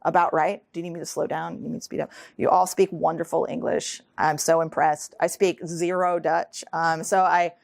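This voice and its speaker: A middle-aged American woman giving an earnest lecture, full of ums, speeding up when excited. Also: low-pitched, fairly quick, creaky, hardly any pauses, no echo. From United States. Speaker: guest speaker. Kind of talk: lecture talk.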